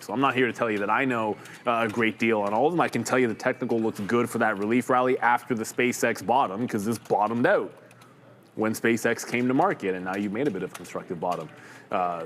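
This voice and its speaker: A man co-hosting a live stock market show, giving direct trading advice and repeating words as he thinks. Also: medium pitch. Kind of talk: casual trading commentary. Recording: reverberant room with faint background noise.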